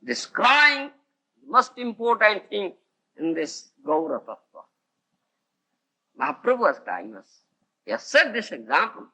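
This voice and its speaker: A man's voice: high-pitched, sing-song, measured pace, pauses often, sharp tone, rough recording. A man with an Odia accent giving a devotional lecture, often laughing and asking his listeners whether they understand, on an old tape recording. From India. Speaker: spiritual teacher.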